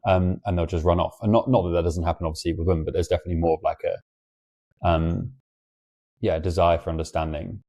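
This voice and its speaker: Fast-talking deep-voiced man. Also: fairly even intonation, dark tone. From England. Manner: chatty, lots of fillers, quick storytelling. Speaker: podcast host. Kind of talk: casual interview chat.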